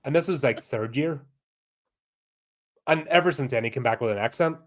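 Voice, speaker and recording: A man's voice: mid-range voice, moderate pace. A man with a Northern Irish accent, co-hosting a podcast and ranting bluntly in casual chat, with the odd swear word. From Northern Ireland. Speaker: podcast co-host.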